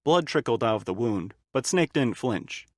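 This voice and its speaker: A man reading a fan-made audiobook in a steady, even storytelling manner. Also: medium pitch, moderate pace, no echo, studio quality. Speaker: audiobook narrator.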